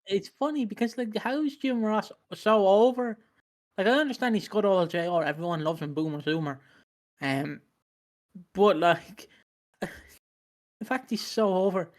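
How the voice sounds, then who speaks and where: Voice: medium pitch, measured pace, pauses often. A podcast co-host chatting casually about wrestling, rambling with laughs and swearing. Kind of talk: casual chat reviewing a wrestling event.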